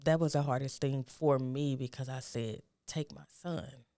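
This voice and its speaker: A middle-aged woman with a gravelly, rough-edged voice shares a personal story as a guest. She talks in a soft, halting, reflective way and turns urgent when she offers advice. Her voice sounds dry and close, with no room around it. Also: very deep voice, steady tone, no room sound.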